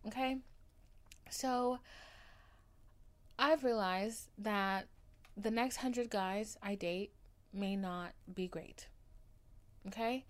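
A young adult woman hosting a solo podcast, talking in an overdramatic, gushing way with free swearing and sudden loud outbursts. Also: mid-range voice. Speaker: podcast host.

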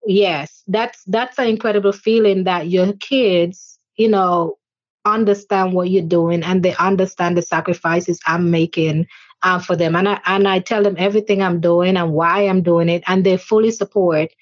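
A woman's voice: on the low side, fairly even intonation, moderate pace, dry recording. A woman in her forties who is a guest in an interview. She answers earnestly and reflectively, with frequent fillers. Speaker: organization chair, interview guest. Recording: slightly dull lo-fi audio.

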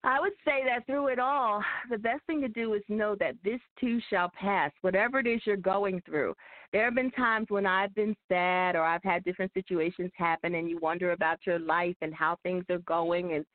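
Woman singer, radio guest, warm and thankful, phone-line quality. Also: mid-range voice, moderate pace, no echo. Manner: warm, laughing, grateful. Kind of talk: call-in radio interview. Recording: thin phone line, dry.

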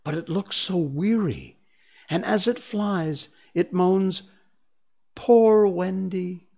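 A man voicing an awestruck young lost boy who speaks in a hushed, wondering way. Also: on the low side, big pitch swings, slow pace, breathy edge, full character voice.

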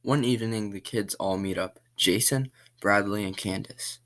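A man reading a short spooky story aloud in a plain, unhurried way. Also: fairly low pitch, fairly bright tone.

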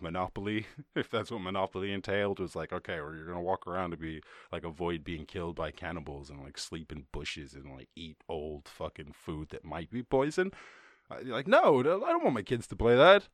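A man's voice: deep voice, fairly bright tone, no echo, clean studio sound. A man with an Irish accent hosting a podcast, talking in a rambling, casual way with lots of swearing, and laughing at himself. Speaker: podcast host. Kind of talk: casual chat and freestyle rap.

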